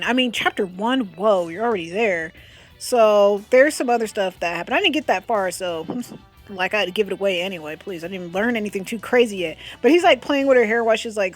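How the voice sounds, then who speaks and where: A young adult woman chatting casually about a comic she is reading, gushing and chatty. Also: mid-range voice. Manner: chatty, gushing, with lots of fillers. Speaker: webcomic recommender. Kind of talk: casual chat.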